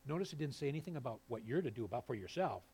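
A male pastor preaching a sermon, swinging between low, quiet passages and loud, fervent peaks. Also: animated, racing, gravelly, slightly rough.

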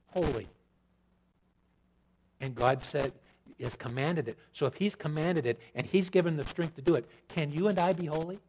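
A man preaching a sermon, swinging between loud emphatic repetition and low quiet asides. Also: low-quality recording.

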